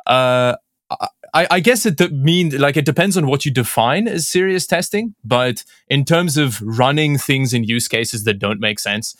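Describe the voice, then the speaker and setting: A man with a South African accent that has picked up North American edges talks as a podcast guest. He is self-deprecating, laughs easily and stumbles over his restarts, at a mid-range pitch. The recording is dry and close. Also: moderate pace, fairly bright tone, no room sound. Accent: South African, shifting toward North American. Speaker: podcast guest, tech video creator. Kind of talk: casual tech podcast chat.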